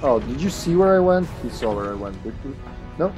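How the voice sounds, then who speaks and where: A man's voice: medium pitch, big pitch swings, fairly quick, music in the background. Joking man streaming a co-op game. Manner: joking, swearing, bursts of laughter and yelling. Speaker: streamer playing co-op online. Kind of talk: casual gaming chat.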